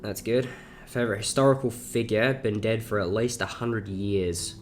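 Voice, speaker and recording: Teen male, South Australian accent, lowish voice, rambling casual Q&A, faint music under it. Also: normal speed. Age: teens. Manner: rambling, lots of "uh" and swearing. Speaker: YouTuber. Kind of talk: casual Q&A vlog.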